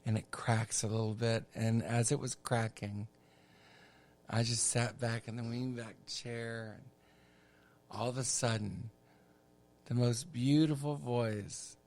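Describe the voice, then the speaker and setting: Slow, campy middle-aged male storyteller. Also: mid-range voice, steady tone, creaky, a little mellow. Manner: campy, chatty, unhurried asides. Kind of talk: casual storytelling.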